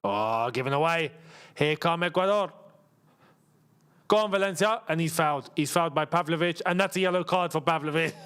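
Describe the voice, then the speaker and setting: A man hosting a live football watchalong, chatty and excitable and laughing often. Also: fairly high pitch, brisk, clean tone. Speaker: host.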